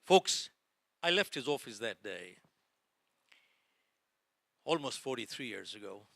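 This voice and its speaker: A man's voice: medium pitch, sing-song, takes it slowly, gravelly, pushed and bright, no echo. A middle-aged man giving a motivational talk to a live audience, telling a story dramatically and acting out the dialogue. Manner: dramatic, addresses audience as folks, acts out dialogue. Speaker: motivational speaker. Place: lecture hall before a live audience.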